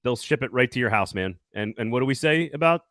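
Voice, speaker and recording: This podcast host talks fast in a mid-range, slightly bright voice with lively intonation, recorded dry in a clean studio. He keeps his casual sports talk show upbeat and jokey, laughing frequently between sponsor reads.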